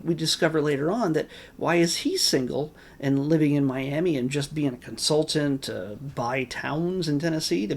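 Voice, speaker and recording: A man giving a casual, rambling spoken review of a film, with wry asides and many restarts. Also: fairly high pitch. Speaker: movie reviewer.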